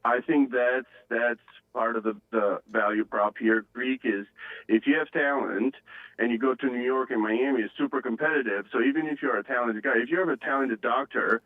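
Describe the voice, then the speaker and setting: A male caller whose first language is not English, talking in a halting way with many restarts. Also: medium pitch. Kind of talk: casual chat on a phone call. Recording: tinny phone line.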